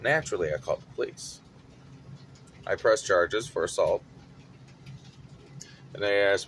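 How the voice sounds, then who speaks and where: A man telling a story from his retail job in an animated, dramatic way. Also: low voice, measured pace, pauses often, slight background noise. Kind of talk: casual storytelling vlog.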